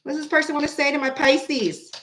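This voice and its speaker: A woman hosting a casual live tarot reading, chatty and animated, talking straight to her viewers. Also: sits high, quick pace, echoey room, slight background noise, poor audio. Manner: chatty, animated, laughs often, talks to her chat. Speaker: tarot reader and live stream host.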